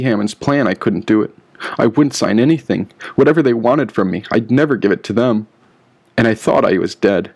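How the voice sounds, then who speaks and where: A man's voice: on the low side, a little mellow. Man narrating a grim audiobook. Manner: grim, rhythmic first-person telling. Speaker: author reading his own book.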